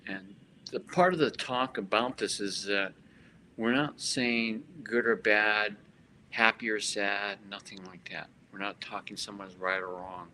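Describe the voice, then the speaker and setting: Man, spiritual teacher, chanting mantras, halting speech, bright tone, faint background noise. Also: on the low side, fairly even intonation, low-quality recording. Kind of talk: guided meditation and talk. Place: hotel expo hall.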